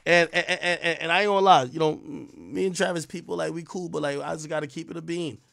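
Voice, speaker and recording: A man's voice: on the high side, quick pace, creaky, a bit bright. A man hosting a live stream, giving casual, rambling commentary full of profanity and trash talk. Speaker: livestream host.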